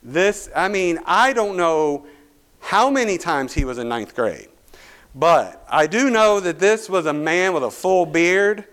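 A man's voice: sits high, lively intonation, measured pace, a bit bright. A male pastor, preaching a sermon through a folksy personal story full of restarts.

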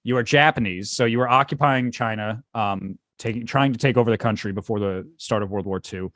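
A man's voice: fairly low pitch, brisk, a bit bright, no echo, studio quality. A man hosting a casual podcast, rambling through the setup of an improv game with fillers and laughs. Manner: rambling, laughs between phrases, lots of fillers. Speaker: host. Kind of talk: casual podcast chat, setting up improv skits.

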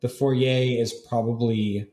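Slow and mellow, this man's medium-pitched voice barely moves in pitch. As a guest in an audio puzzle game, he works the clues out loud in casual conversation, restarting frequently, and the room gives an echo.

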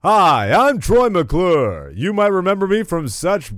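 A man doing a slow, cheesy showbiz pitchman, Troy McClure. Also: huge pitch swings, dry recording, clean studio sound, full character voice. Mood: smarmy. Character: smooth, cheesy male showbiz actor.

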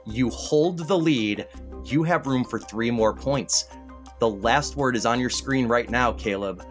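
A man's voice: mid-range voice, soft background music. A man hosting a word game podcast, keeping score and teasing the players. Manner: animated, teasing, rapid bursts of scorekeeping. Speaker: game show host.

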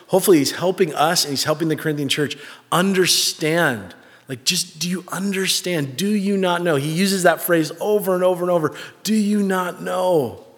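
A man preaching a sermon, telling a personal story with an animated, self-mocking manner. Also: a little high. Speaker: pastor. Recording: reverberant hall.

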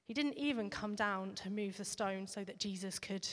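A woman giving a sermon in a reflective, conversational way, now and then pausing with fillers. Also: medium pitch. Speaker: preacher. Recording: long reverb of a large hall.

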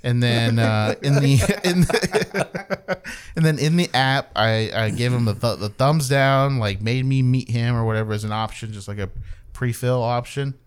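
Young man, smooth clear voice, casual storytelling, swears a lot, acts out quotes. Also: medium pitch, moderate pace. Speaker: storyteller in a group chat.

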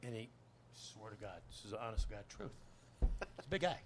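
A man's voice: fairly low pitch, lively intonation, fairly quick, background noise. A man, a guest actor, telling a rambling, profane anecdote full of "you know" in a podcast interview.

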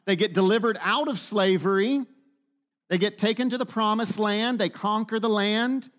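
A man's voice: high voice, moderate pace, fairly bright tone. A man preaching a sermon, teaching with frequent rhetorical questions to the room. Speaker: pastor.

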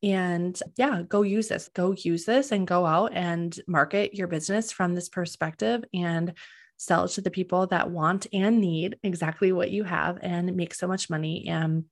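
A woman's voice: on the low side, fairly even intonation, unhurried. A woman co-hosting a podcast, giving encouraging, motivational business advice. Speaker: podcast co-host, business coach. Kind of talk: casual podcast chat.

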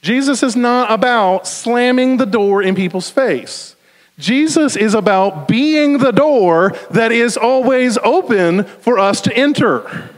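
A man preaching a sermon in a lively, conversational way, often checking in with "right?". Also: very high voice, slow pace. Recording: long hall reverb.

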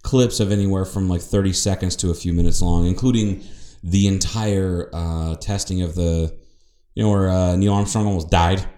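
A man's voice: low voice, fairly even intonation, moderate pace, dark tone. A man co-hosting a podcast in casual chat, swearing freely and laughing as he tells stories. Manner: profane, laughing, mimics voices in anecdotes. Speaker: podcast co-host. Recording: echoey room with faint noise.

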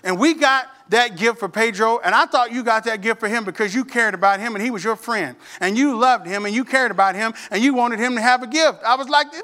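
A male pastor telling a playful, animated story to his congregation in church, talking to the people directly. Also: very high-pitched, brisk, hardly any pauses. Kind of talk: storytelling sermon.

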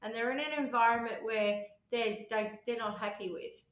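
A woman with a high, bright voice talks in a loose, rambling way and swears casually. The sound is roomy and echoey, as if recorded in an apartment. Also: fairly even intonation, moderate pace. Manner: chatty, swearing, rambling storytelling. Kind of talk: casual chat. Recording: roomy echo.

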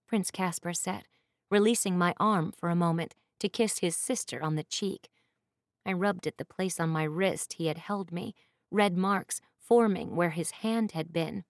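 A woman reading a first-person fantasy audiobook in a measured, descriptive way. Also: fairly low pitch, dry recording, clean studio sound. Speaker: audiobook narrator. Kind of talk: scripted first-person narration.

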